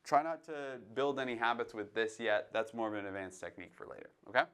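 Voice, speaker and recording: A man teaching jazz drumming, calmly coaching and counting beats aloud between demonstrations. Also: medium pitch, quick pace, clean tone. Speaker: drum teacher. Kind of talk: instructional demonstration. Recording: drums playing behind the voice. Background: drum playing between phrases.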